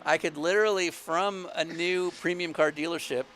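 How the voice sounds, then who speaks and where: A man's voice: a little high, fairly even intonation, moderate pace, a bit bright, a little hiss or hum. A man co-hosting a casual racing chat over a video call, joking and sarcastic, slipping into mock play-by-play. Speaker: podcast co-host.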